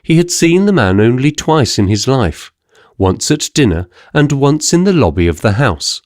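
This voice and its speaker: A man with a mid-range voice narrates an audiobook, calm and even in his storytelling. The recording is clean studio sound without any room sound.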